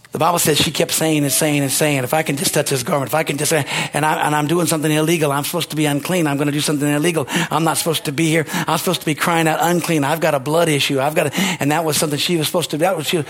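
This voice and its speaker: A man's voice: fairly high pitch, fast talker, fairly bright tone. A man preaching a sermon as pastor, repeating lines for emphasis and calling out amen and hallelujah. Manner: emphatic preaching with rising exclamations.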